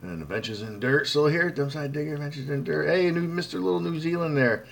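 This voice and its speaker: A man with a fairly high, fairly bright, creaky voice talks quickly while hosting a relaxed live stream. He greets viewers by name, calls them bud, reads out their comments, and rambles with frequent fillers and restarts.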